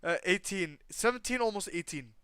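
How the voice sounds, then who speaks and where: A man's voice: sits high, lively intonation, moderate pace, pushed and bright, clear, resonant tone, no room sound, clean studio sound. A man improvising a story in a loose, rambling way, full of fillers and restarts, talking to his viewers.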